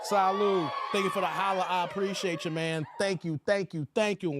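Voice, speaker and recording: A high-pitched man hosts a casual livestream, reading donor messages and joking with his chat. His voice sits close and dry, with no room sound around it. He laughs often and keeps it loose and playful. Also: steady tone, normal speed, hardly any pauses, dry recording. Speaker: livestream host.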